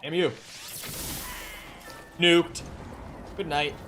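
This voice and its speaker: A man's voice: mid-range voice, a little slow, a bit bright, faint music behind. Laid-back Minnesotan young man streaming. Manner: loose, offhand, swears, answers chat. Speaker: game streamer. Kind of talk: casual live-stream chat while gaming.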